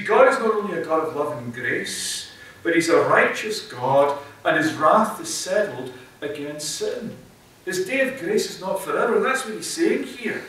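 A man's voice: on the high side, pushed and bright, a little hiss or hum. A man preaching a sermon as pastor, earnest and building to emphatic declarations. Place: church sanctuary. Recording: echoey church hall, mic at a distance.

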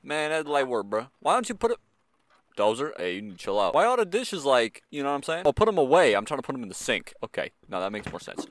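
A man hosting a horror game let's play, jumpy and excitable, chatting slangily to the characters on screen. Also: mid-range voice, quick pace. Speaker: gaming channel host.

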